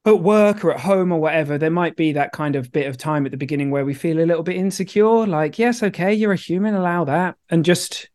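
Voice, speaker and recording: Joking man, slightly high voice. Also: fast talker, hardly any pauses, darkish tone. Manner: jokey, swears casually. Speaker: podcast co-host. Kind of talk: casual chat.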